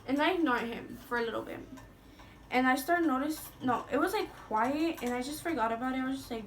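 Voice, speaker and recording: Here a young beauty vlogger rambles through a casual storytime, full of swearing, "like," and Spanish slang. Her voice is high-pitched and moderately paced, picked up slightly far from the mic over a little hiss or hum.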